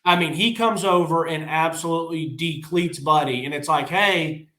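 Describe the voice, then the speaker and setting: Bright, excited guy rambling about football, echoey room, kinda high voice. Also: moderate pace. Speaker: podcast co-host. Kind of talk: casual sports chat.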